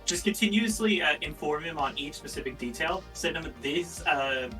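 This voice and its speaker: A man's voice: fairly high pitch, normal speed, sharp tone, distant mic, soft background music, poor audio. A man playing a tabletop game, giving casual instructions that trail off. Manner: casual, trailing off mid-sentence. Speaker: player.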